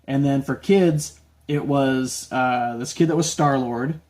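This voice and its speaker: A man's voice: medium pitch, slow. A man hosting a podcast, telling stories in a casual chat and acting out the people he quotes. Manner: animated, acts out quotes in shouts. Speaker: podcast host.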